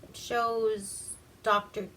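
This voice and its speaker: A woman's voice: on the high side, little pitch movement, drawn-out words, pushed and bright, a little hiss or hum. A woman recapping an old movie in a casual, profane, rambling way, laughing as she goes. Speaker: movie reviewer.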